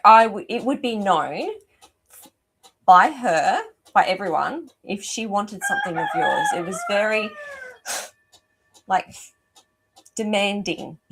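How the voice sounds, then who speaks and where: A woman's voice: medium pitch, slightly rough. A middle-aged woman, hosting a live psychic reading as an animal communicator, chatting effusively and often breaking off mid-sentence. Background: rooster crowing outside.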